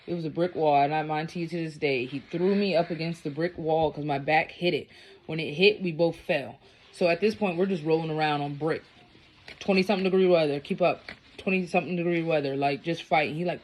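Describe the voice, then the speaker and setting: A woman's voice: deep voice, steady tone, brisk, darkish tone, a little hiss or hum. A woman vlogger telling a personal story in a casual, blunt, profane and rambling way.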